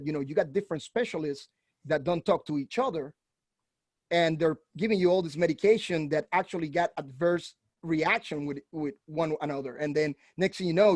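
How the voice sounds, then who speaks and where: A man hosting a veterans' podcast, telling stories in an animated, casual way and acting out the quotes. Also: on the high side, dry recording, studio quality. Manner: animated storyteller, acts out quotes. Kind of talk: casual conversation, storytelling.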